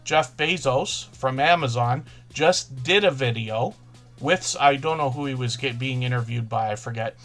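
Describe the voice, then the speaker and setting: A man hosting a live stream, talking fast and casually, often restarting his sentences as he greets viewers. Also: medium pitch, a bit bright, soft background music. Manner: fast-talking, self-correcting, chatty. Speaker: livestream host.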